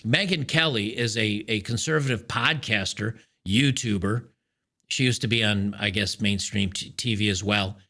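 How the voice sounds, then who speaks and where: A man talks to his viewers in a loose solo commentary, his voice bright and a little forceful. He sounds fed up and keeps stopping to restart his sentences, but the delivery stays casual, like an ongoing rant. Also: fairly low pitch, normal speed. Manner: frustrated, ranting, many restarts. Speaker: podcast host.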